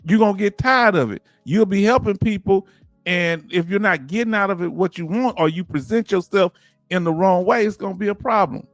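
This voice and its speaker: A Southern man hosts a casual livestream, his voice sitting a little high for a man. He talks in an animated, preachy way and keeps firing rhetorical questions at the chat. The sound is dry and close, with faint music under it. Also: fairly quick, no echo. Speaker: livestream host.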